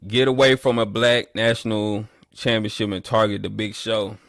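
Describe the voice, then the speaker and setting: A man's voice: fairly low pitch, moderate pace, dry recording, clean studio sound. Teasing man trash-talking on a livestream. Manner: playful trash talk, teasing, rising to loud animated bursts. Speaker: livestream host reading chat. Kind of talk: casual livestream chat.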